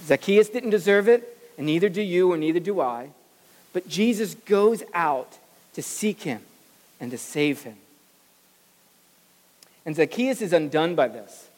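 A pastor preaching a sermon in a lively, animated way, acting out the voices of the people in the story. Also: mid-range voice, a little slow, pauses often, big-room sound.

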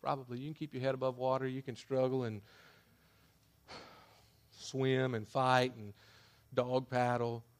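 A man preaching a sermon as a pastor, emphatic, with loud declarations that drop to hushed asides. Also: medium pitch, level tone, unhurried, long pauses, clear, resonant tone.

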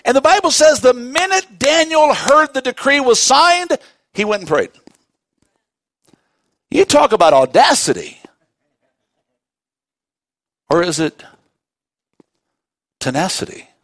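A male pastor preaches with a fairly high voice. He stretches key words slowly and swings from quiet intensity to loud emphasis, heard close and dry. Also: very animated, no echo. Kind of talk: sermon.

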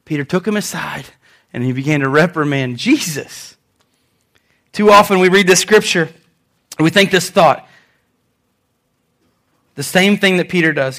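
High-voiced man preaching a lively sermon. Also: moderate pace, long pauses. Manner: animated, joking, acting out quotes. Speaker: pastor.

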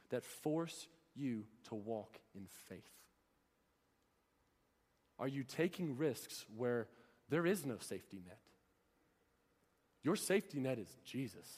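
A man's voice: medium pitch, a little mellow. A young man preaching a sermon in a church, earnest and pressing his listeners with rhetorical questions. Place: church hall. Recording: long hall reverb.

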